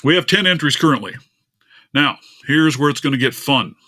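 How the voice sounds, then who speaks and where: A man's voice: fairly high pitch, lively intonation, normal speed, bright, forceful tone. A man hosting a casual live stream, chatting and grumbling aloud while his screen share fails. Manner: chatty, grumbling at tech trouble, talks to his cat. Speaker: livestream host.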